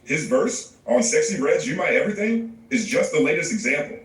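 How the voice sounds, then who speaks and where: A man reads a scripted video essay in a measured, analytical delivery. His voice sits a bit high for a man. It is played back from a distance and echoes in the room. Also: sing-song. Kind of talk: scripted narration.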